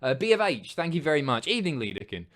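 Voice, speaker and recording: A man in his thirties hosting a casual livestream, reading chat messages aloud, sweary and rambling, jumping between loud outbursts and mumbles. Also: fairly high pitch, sing-song, fast.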